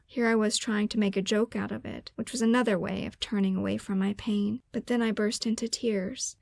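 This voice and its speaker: A woman hosting a self-care podcast, reading her own personal story aloud in an earnest, measured way and slowing down for emphasis. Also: mid-range voice, creaky, darkish tone, no echo. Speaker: podcast host.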